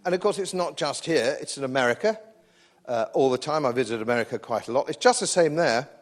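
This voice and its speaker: A man's voice: mid-range voice, animated, fast. Combative, sardonic English man giving a speech. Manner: combative, sardonic, repeats phrases for emphasis. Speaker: speaker at a public event. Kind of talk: live political speech.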